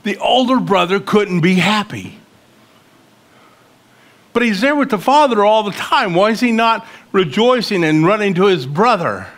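A man with a rather high, slightly bright, expressive voice preaches a sermon at a measured pace. He reads scripture aloud and speaks plainly and conversationally, rising at points into emphatic questions.

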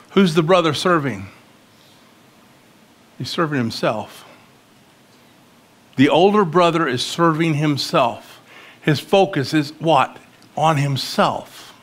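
A man's voice: fairly high pitch, animated, slow, long pauses, a bit bright. A man preaching a sermon. He reads scripture aloud and talks plainly, with emphatic questions in places. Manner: conversational, rises to emphatic questioning.

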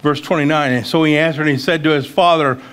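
A man's voice: on the high side, fairly even intonation, fast, a bit bright, smooth. A man preaching a sermon. He reads scripture aloud and talks plainly, with emphatic questions in places. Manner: conversational, rises to emphatic questioning.

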